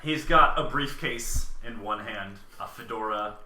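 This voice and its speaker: A man's voice: medium pitch, measured pace, pushed and bright, echoey room, slight background noise. A man narrating a tabletop role-playing game as game master, laid-back and joking.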